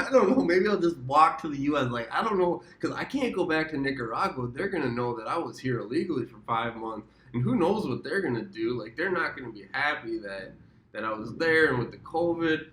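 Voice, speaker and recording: A man's voice: fairly high pitch, a bit bright. A man from the United States telling a rambling, profane travel story in a casual vlog, often correcting himself mid-sentence. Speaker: travel vlogger. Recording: roomy echo.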